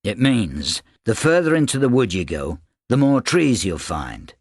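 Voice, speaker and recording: A man voicing a mild, whimsical father, speaking gently in an audiobook. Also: lowish voice, very animated, measured pace, breathy edge, no echo, studio quality, heavily acted. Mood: musing.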